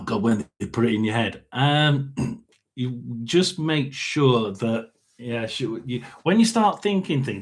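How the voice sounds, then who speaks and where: Slow, halting man reading tarot. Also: mid-range voice. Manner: rambling and halting, with frequent ums and throat clearing. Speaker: tarot and spirit box reader. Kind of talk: casual livestream reading.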